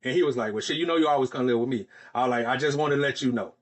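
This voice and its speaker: A podcast host tells a long personal story in casual chat, animated and acting out the voices of the people involved. He has a medium-pitched voice and rapid-fire delivery.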